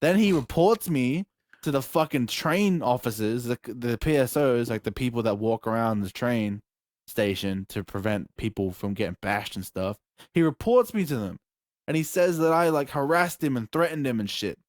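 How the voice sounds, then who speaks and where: A young man co-hosting a podcast, telling a story in animated, swear-heavy casual chat with sudden shouts and laughs. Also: mid-range voice, normal speed, no room sound, clean studio sound. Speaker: podcast co-host.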